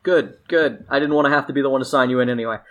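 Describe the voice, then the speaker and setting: A man's voice: mid-range voice, racing, fairly bright tone. A man running a tabletop game as game master, narrating casually and joking with his players. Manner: casual, joking, laughs often.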